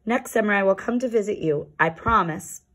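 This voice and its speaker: A woman voicing a small, eager male puffin in a children's storybook, lifting her voice high and bright. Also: a little fast, lightly acted. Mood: cheerful.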